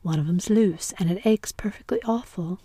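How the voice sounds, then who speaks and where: A woman's voice: medium pitch, normal speed, dark tone, husky, no echo, lightly acted. A woman voicing a mischievous boy faking illness, a whispered role-play with plaintive groaning.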